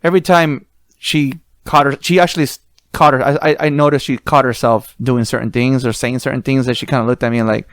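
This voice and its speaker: A man's voice: medium pitch, fast talker, clean tone, dry recording. Podcast co-host, man, laid-back slangy chatter, dry close recording. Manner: relaxed, slangy, says bro and dude. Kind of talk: casual chat.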